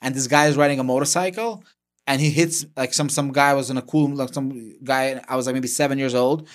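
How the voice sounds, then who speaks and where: A man's voice: medium pitch, a little fast. A young man from Russia hosting a podcast, telling stories in casual chat and acting out the voices he quotes. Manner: animated storyteller who acts out quoted voices. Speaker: podcast host.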